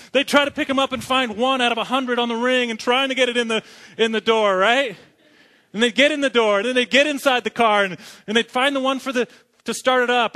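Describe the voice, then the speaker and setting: In a church sanctuary, a man with a high, bright, pushed voice preaches a sermon. He keeps asking the congregation questions and cracks jokes as he goes.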